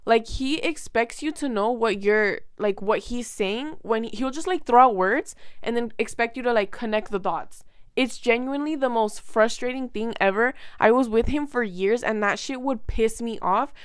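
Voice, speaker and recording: A woman's voice: a little high, moderate pace, smooth, no echo, clean studio sound. Chatty young woman telling a story. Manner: animated, rambling, heavy on fillers and quoted dialogue. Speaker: vlogger. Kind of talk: casual storytime chat.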